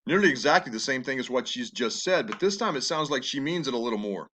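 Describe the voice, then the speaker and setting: A man's voice: mid-range voice, lively intonation, pushed and bright. Man teaching a play, explaining scenes. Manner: explains patiently, reads verse slowly and with feeling. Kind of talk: lecture with read-aloud passages.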